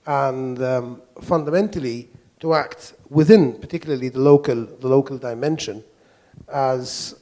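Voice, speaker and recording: A man, a lawyer on a conference panel, speaking in a measured, formal way with frequent fillers and restarts. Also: mid-range voice, a little mellow. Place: conference workshop.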